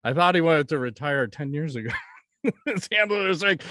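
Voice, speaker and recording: A man's voice: a little high, expressive, moderate pace, pushed and bright, no room sound, clean studio sound. Blunt, cursing man on a podcast. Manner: blunt, profane, joking. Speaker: podcast co-host. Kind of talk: casual podcast chat.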